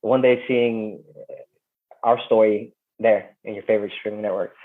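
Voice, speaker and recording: A man's voice: fairly low pitch, fairly even intonation, normal speed. A man who is not a native English speaker, talking in a casual interview and often stopping to repeat words as he searches for them. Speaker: interview guest. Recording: tinny phone-like call audio.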